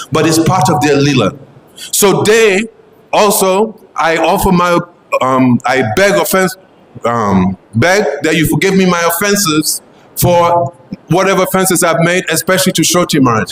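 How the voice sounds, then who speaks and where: A man preaches with fervent, earnest conviction, returning to the same phrases again and again as he builds his point. His voice sits a little high for a man. The sound rings through a reverberant space, with a faint wash of ambient noise behind him. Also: animated, normal speed, a bit bright. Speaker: devotional speaker. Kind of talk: devotional memorial talk.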